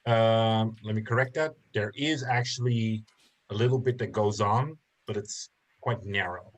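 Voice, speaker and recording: A man narrating as game master for a tabletop game, in slow narration broken by pauses and fillers. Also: fairly low pitch.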